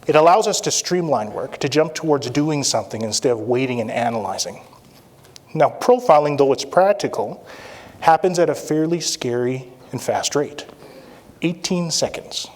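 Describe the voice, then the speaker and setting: Man, conference presenter, mid-pitched voice, interactive, keeps checking in with the room. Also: expressive, normal speed. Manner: interactive, repeats "all right?" often. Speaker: anesthesiologist presenter. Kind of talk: conference talk. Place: conference hall with audience.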